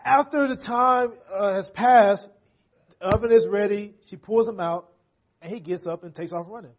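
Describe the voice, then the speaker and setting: A man preaching a sermon in a church, in a relaxed conversational manner, often checking in with the congregation. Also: high voice, moderate pace. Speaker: pastor.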